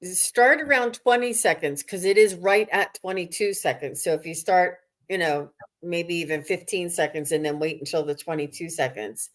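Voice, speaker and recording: A woman's voice: fairly low pitch, normal speed, few pauses. Upbeat woman hosting a livestream. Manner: enthusiastic, greets chat viewers. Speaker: psychic medium host. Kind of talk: casual livestream chat.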